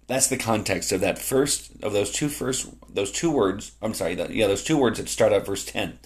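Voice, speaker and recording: A man's voice: lowish voice, lively intonation, fairly quick, hardly any pauses. A middle-aged man preaching a sermon as a pastor, reading scripture and explaining it in an earnest, conversational way, repeating key phrases for emphasis.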